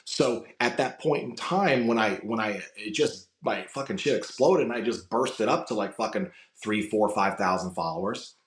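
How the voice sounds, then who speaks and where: A man's voice: fairly low pitch, moderate pace, few pauses. Swearing man telling rambling stories. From United States. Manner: rambling storytelling with frequent swearing. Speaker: guest, wrestling content creator. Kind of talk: casual interview chat. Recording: echoey room.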